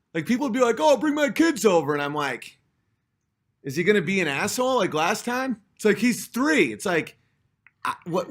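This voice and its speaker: A man with a slightly higher-than-usual voice rambles through comic stories on his livestream. He is chatty and self-mocking, and keeps slipping into other people's voices when he quotes them. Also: fairly bright tone. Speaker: comedian hosting a livestream.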